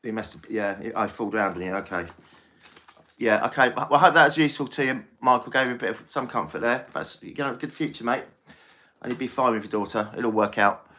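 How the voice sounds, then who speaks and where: Man, tarot reader, bright voice, chatty, reassuring, repetitive. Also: mid-range voice, fast. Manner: chatty, reassuring, repeats himself. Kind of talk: live-stream tarot reading.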